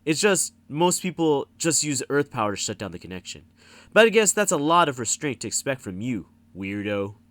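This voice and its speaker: A man voicing a snobbish, high-strung teenage boy who speaks in a shrill, outraged way. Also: very animated, normal speed, a bit bright, no echo. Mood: indignant.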